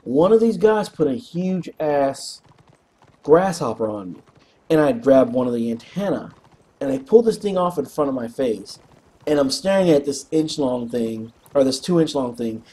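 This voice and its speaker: A man casually telling a rambling, animated story, clearing his throat often and swearing freely. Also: mid-range voice, normal speed. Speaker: co-op gaming channel host.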